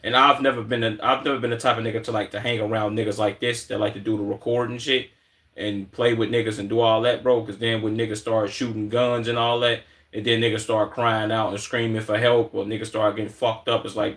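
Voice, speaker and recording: A man's voice: on the low side, flat delivery, brisk, a bit bright, far from the mic. A man from Chicago giving blunt, profane live reaction commentary as a streamer, repeating words as he talks.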